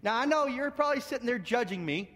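A man from Canada preaching as senior pastor, telling stories in an animated way, repeating words and swinging between hushed and loud. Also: very high voice, fast talker, big-room sound, slight background noise. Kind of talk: sermon with storytelling. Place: church sanctuary.

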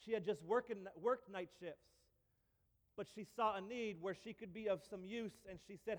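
A male pastor giving a sermon in a church, telling stories with lively humor and repeated phrases. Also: sits high, moderate pace, big-room sound. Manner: animated storytelling with repeats and humor.

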